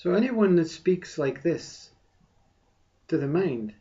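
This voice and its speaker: A man giving a meditative spiritual talk, soft and unhurried, with long pauses and a repeated "you see". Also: fairly high pitch, big pitch swings, muffled recording. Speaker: spiritual teacher.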